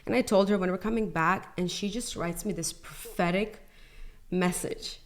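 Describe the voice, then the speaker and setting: A young woman with a slightly low-pitched voice tells a personal testimony as a podcast guest. She talks in a loose, chatty way, full of "like" fillers, and slips into the voices of the people she quotes. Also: moderate pace. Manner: chatty, many "like" fillers, acts out quoted dialogue.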